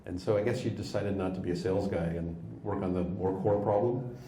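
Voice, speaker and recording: A man hosting an interview, asking questions in a measured, prompting manner. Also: sits low, steady tone, dark tone. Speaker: interviewer, host. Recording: echoey room with faint noise.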